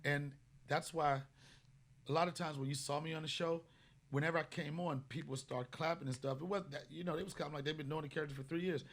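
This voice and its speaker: A man hosting a comedy podcast, telling stories in a casual, profane way and bursting into loud shouted bits. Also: a little high, steady tone, fast talker.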